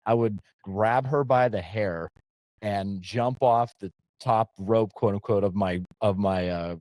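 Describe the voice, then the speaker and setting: A man's voice: fairly low pitch, a little slow, darkish tone, dry recording. A man hosting a podcast, chatting casually and rambling through a long story with lots of restarts. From Pennsylvania. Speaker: podcast host.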